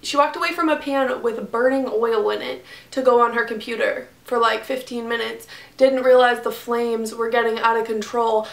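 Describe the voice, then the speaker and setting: A young woman tells a storytime with exasperated, profane energy. Her voice sits a little high, and the room around her is echoey. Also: fairly even intonation, normal speed, gravelly, few pauses. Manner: profane, exasperated retelling with acted quotes. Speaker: vlogger. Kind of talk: casual storytime.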